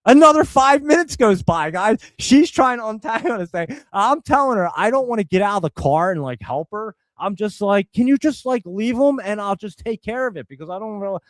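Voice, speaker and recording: A middle-aged man, host of a live show, telling a long story to viewers in a casual, animated way and laughing now and then. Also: high voice, a little fast, hardly any pauses, dry recording.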